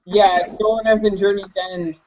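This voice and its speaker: A man's voice: sits high, little pitch movement, normal speed, a loud crowd. A man co-hosting a casual fan podcast, eager and rambling as he tosses out ideas. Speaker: podcast co-host. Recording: muffled lo-fi podcast audio.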